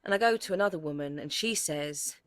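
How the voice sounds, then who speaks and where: A woman's voice: sits low, fairly quick, dry recording, lightly acted. An actress playing a young daughter who narrates her search into her family's past in an audio drama. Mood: earnest. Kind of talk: present-tense dramatic narration.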